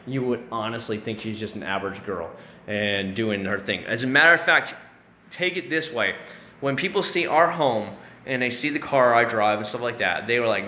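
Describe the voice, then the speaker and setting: A man's voice: mid-range voice, sharp tone. A man in his thirties from Florida, hosting a casual live stream, chatting with viewers in a rambling way full of restarts and fillers. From Central Florida. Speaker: YouTube live-stream host answering chat. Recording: echoey room with faint background noise.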